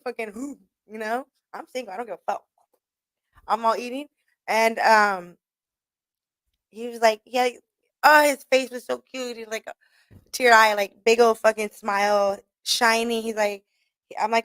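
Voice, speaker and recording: A woman's voice: a little high, normal speed, no room sound. A young woman hosting a radio show, casually telling a story with a lot of swearing and laughter. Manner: profane, laughing, animated retelling.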